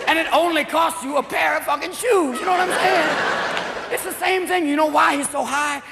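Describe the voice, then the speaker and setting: A man's voice: extremely high pitch, brisk, creaky. A man performing a manic stand-up comedy set, jumping between silly voices in front of a live audience. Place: large venue with a live audience. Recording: live concert recording with crowd noise. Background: audience laughter.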